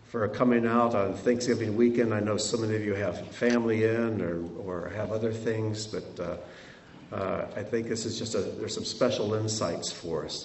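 A man's voice: lowish voice, a little mellow, a little hiss or hum. A middle-aged man preaching a sermon as a pastor, conversational, asking his congregation rhetorical questions. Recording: roomy sound from a distant mic.

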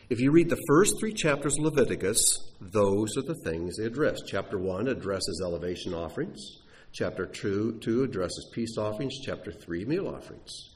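A man's voice: on the low side, normal speed. A man preaching a sermon, teaching from scripture with emphatic rhetorical questions. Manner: animated, rising and falling with emphasis, rhetorical questions.

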